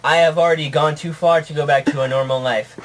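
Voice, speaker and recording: A man voicing a ruthless male puppy who runs a drug kingdom, speaking in a flat, grave way. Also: fairly high pitch, fast, a little hiss or hum, natural voice.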